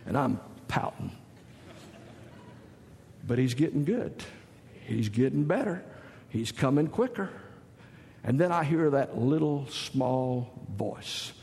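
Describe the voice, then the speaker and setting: A man's voice: medium pitch, animated, takes it slowly, dark tone, slight background noise. A middle-aged man from the States, preaching a sermon in a folksy, joking, storytelling way. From Southern United States. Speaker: pastor. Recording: long reverb of a large hall.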